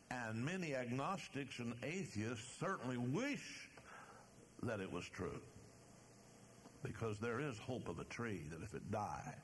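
An older man preaching a sermon in church, reading scripture slowly and emphatically, with some restarts and fillers. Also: fairly low pitch, a little hiss or hum.

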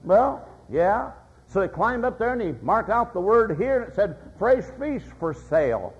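An older man preaches a sermon full of folksy stories, acting out the voices in his anecdotes. His voice sits high and is very animated, at a moderate pace. The lo-fi recording sounds dull.

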